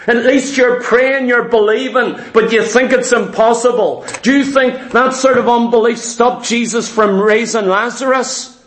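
A man preaches with fervor, his voice sitting very high for a man. He keeps pressing the congregation with rhetorical questions. The sound is roomy, with the echo of a church hall around it. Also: normal speed. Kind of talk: sermon.

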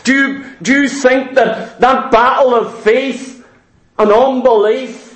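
A man's voice: extremely high pitch, fairly even intonation, takes it slowly, a bit bright, echoey room. A man preaching a fervent sermon in a church, firing rhetorical questions at the congregation.

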